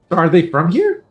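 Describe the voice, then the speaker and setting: A man's voice: high-pitched, dull audio, slight background noise. Joking man casting a card game. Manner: joking, rambling, clears throat often. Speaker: tournament caster. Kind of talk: casual live game commentary. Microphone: headset.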